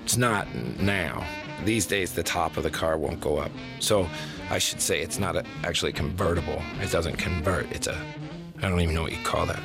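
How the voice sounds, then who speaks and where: A man's voice: low voice, fairly quick, vocal fry, over music. A man telling a comic story in a dry, wry, self-deprecating way.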